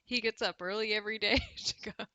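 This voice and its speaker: Host, female, Canadian accent, sarcastic livestream commentator; bright, dry close-mic sound. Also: mid-range voice, steady tone, fast talker, no room sound, rough recording. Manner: sarcastic, laughs often, drinks cider on stream. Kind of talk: casual livestream commentary, reading news aloud.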